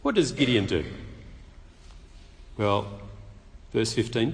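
A man preaching a sermon, telling the story lively and acting out the quotes. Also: fairly high pitch, moderate pace, big-room sound.

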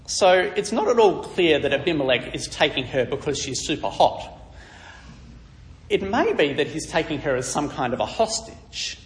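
A man's voice: on the high side, big pitch swings, normal speed, long reverb tail. A man preaching, teaching a Bible story in a conversational way with wry asides.

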